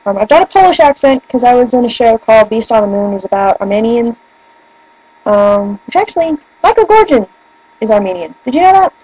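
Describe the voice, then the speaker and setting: A woman's voice: fairly high pitch, big pitch swings, a little fast, dark tone, husky, dry recording, rough recording. Chatty young woman, rambling and giggly. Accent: northern US. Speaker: vlogger. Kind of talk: casual chat. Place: room at home by a bookshelf.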